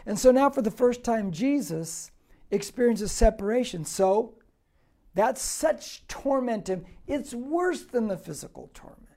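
A man's voice: very high voice, expressive, a little slow, vocal fry, dark tone. A male pastor teaching a Bible passage verse by verse, preaching emphatically with repetition and rhetorical questions.

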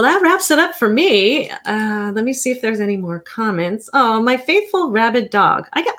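A woman's voice: medium pitch, a bit bright, husky. A woman in her fifties, a therapist, chatting casually on a livestream, rambling and correcting herself with small chuckles. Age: 50s.

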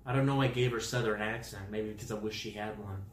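A man's voice: fairly low pitch, steady tone, quick pace, roomy sound, slight background noise. A man telling a rambling comic story to camera, with goofy exaggeration and made-up words. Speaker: vlogger.

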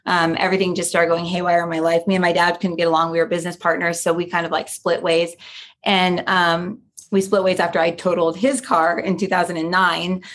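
Lowish-voiced woman rambling through her story, like, you know, lots of quoting. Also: flat delivery, a little fast, fairly bright tone. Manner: chatty, lots of "like" and "you know", acts out quotes. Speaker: guest. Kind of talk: storytelling in a casual interview.

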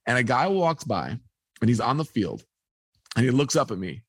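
A man with a medium-pitched, somewhat breathy voice speaks at a normal pace, with no echo. The sports photographer recounts a personal anecdote in an interview, animated and voicing the dialogue himself.

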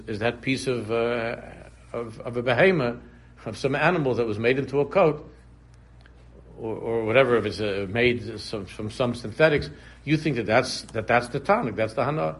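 A man's voice: medium pitch, slightly rough. A man teaching a casual religious class, talking conversationally, repeating phrases and drifting into humorous examples. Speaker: Torah teacher.

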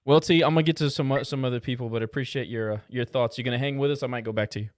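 A man hosting a call-in sports podcast, moving briskly between callers. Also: mid-range voice, steady tone, no echo, studio quality. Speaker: podcast host.

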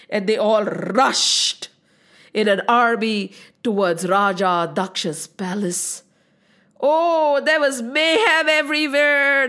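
High-voiced woman telling a myth. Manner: expressive, exclaiming. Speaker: storyteller. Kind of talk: oral storytelling of a myth.

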